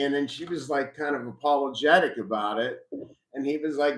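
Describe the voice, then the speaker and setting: Middle-aged male host, slightly high voice, reflective and rambling, roomy echo. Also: moderate pace, a bit bright. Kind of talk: casual live chat about faith.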